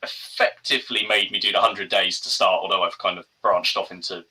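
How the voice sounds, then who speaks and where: A man's voice: low voice, steady tone, fairly quick, bright, forceful tone, breathy edge, low-quality recording. A man, co-hosting a casual podcast chat, hesitant with many ums and restarts. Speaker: podcast co-host.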